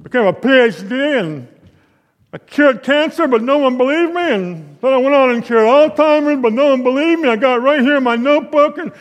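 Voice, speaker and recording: A man's voice: very high-pitched, lively intonation, moderate pace, highs cut off, pitched above the performer's own voice. A man playing a raised-voice deluded boaster. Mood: boastful. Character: rambling deluded man boasting wild claims. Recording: long reverb of a large hall.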